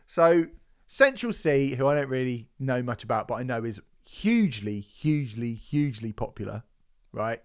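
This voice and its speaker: A man's voice: medium pitch, lively intonation, normal speed, a little mellow, clear, resonant tone. A man co-hosting a podcast, ranting and swearing in casual chat. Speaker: podcast co-host.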